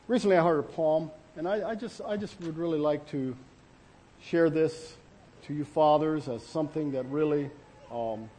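A man preaching a sermon with a voice a little higher than most men's. He is earnest and halting, restarting his sentences and filling gaps with "you know" as he reaches for his words. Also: dark tone. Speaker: pastor.

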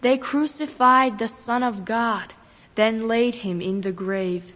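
A woman reciting a poem in a slow, measured way in a church. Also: fairly high pitch, fairly bright tone. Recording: reverberant church hall.

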